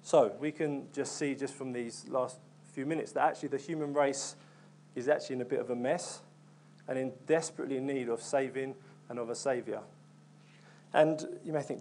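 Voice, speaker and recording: A man's voice: medium pitch, steady tone, moderate pace, a little mellow, slight background noise. A young man preaching a sermon in an earnest, conversational way, with frequent ums and restarts.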